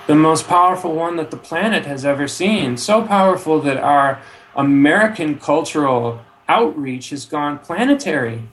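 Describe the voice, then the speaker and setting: A man's voice: on the high side, animated, moderate pace, a bit bright. Laid-back, rambling man in casual chat. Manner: laid-back, swears freely, rambling asides; trails off with frequent "you know".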